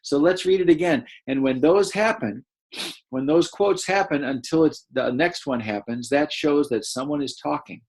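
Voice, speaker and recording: A man's voice: on the high side, normal speed, darkish tone, husky, poor audio. A man teaching first graders a read-aloud lesson, patiently explaining and asking the children questions.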